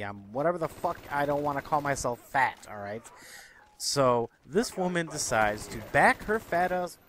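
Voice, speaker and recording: A young man tells his stories in a fast, animated, exasperated rant full of swearing. His voice sits a little high for a man. A faint hiss runs under the recording. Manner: profane, exasperated, animated ranting. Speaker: commentary vlogger. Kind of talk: ranting storytelling monologue. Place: Chicago area.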